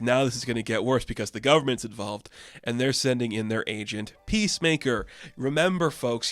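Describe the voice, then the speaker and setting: A man's voice: mid-range voice, fairly bright tone, no echo. A man casually reviewing a comic book issue with enthusiastic, chatty recaps.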